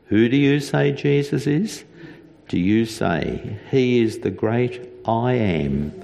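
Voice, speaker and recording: A man preaching a sermon as a pastor, earnest and deliberate, with emphatic repetition. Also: mid-range voice, expressive, creaky, mellow, long reverb tail.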